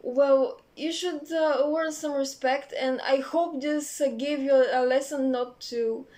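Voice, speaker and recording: A woman's voice: high voice, steady tone, a little slow, a little mellow. A woman quoting a preachy male commenter who tells her to learn respect.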